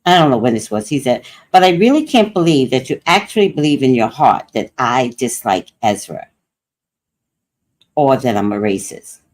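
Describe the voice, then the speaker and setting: Animated older woman telling a story. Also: very deep voice, normal speed. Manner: animated storytelling, quoting others. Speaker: host. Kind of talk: casual livestream chat.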